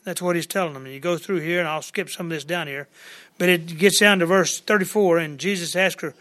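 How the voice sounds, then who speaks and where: High, bright-voiced folksy preacher. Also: male voice, steady tone, a little fast. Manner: plainspoken, conversational, paraphrases scripture in everyday words. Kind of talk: folksy verse-by-verse sermon. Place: church service with congregation.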